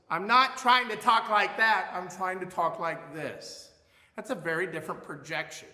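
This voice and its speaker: A man teaching a music lesson, explaining expressively and showing loudness with his own voice. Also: fairly high pitch, roomy sound, in a large hall.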